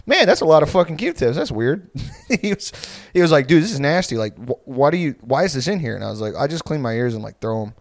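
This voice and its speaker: A man's voice: mid-range voice, no room sound. Rambling, profane young man, dry close sound. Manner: rambling, profane storytelling with frequent fillers. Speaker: podcast co-host. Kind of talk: casual chat.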